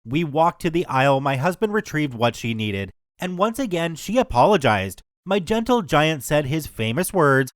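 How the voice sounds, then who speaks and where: A man's voice: a little high, big pitch swings, moderate pace, few pauses, no room sound, clean studio sound. A man reading a story aloud as a scripted narration.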